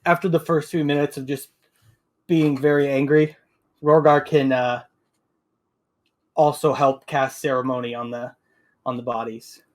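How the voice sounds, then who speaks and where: A man voicing his tabletop hero in a slow, searching way, pausing and trailing off mid-thought. His pitch sits in a middling range. He plays it out at a tabletop session. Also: level tone, darkish tone. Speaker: player. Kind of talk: in-character tabletop role-play.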